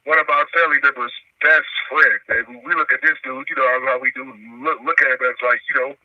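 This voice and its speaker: A man's voice: medium pitch, fairly even intonation, a little fast, dry recording. A man hosting a live stream, telling a story in a rambling, slangy way with frequent laughs, in casual chat. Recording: tinny phone line, distant from mic.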